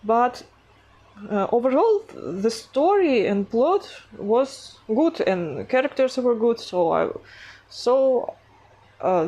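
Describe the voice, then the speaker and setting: A woman with a non-native English accent talks through her art process in a casual vlog. She speaks slowly and hesitantly, with many fillers and self-conscious giggles. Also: a little high, a little mellow. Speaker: animation artist vlogger.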